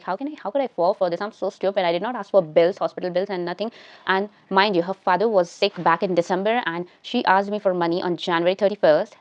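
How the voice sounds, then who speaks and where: A young woman vlogger tells a casual storytime at home while doing her makeup, rambling and restarting her sentences. Her voice is medium-pitched and a little mellow, with no echo. The recording sounds slightly dull and lo-fi.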